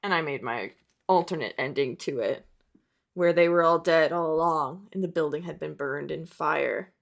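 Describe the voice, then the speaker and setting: Young woman, casual vlog chat, self-mocking, frequent vocal fry. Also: low-pitched, normal speed. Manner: chatty, self-mocking, laughs at her old drawings. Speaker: art vlogger. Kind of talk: casual sketchbook tour narration.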